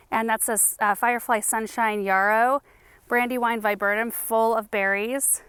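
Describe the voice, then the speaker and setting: A young adult woman hosting a casual garden tour vlog outdoors, chatty and enthusiastic, thinking out loud as she goes. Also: a little high, clean tone, no room sound. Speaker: gardening channel host.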